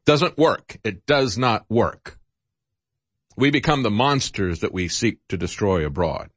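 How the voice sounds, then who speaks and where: A man's voice: fairly low pitch, lively intonation, unhurried, no echo. A man giving opinionated political commentary as a talk show host, impassioned and emphatic, with frequent fillers.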